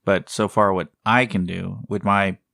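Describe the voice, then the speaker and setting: A man with a low, gravelly voice co-hosts a podcast in loose, casual conversation. He wanders through his thoughts, doubling back mid-sentence. The sound is dry and close to the mic. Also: level tone, a little slow, pushed and bright, no room sound. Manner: rambling, tangential. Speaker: podcast co-host. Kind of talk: casual chat.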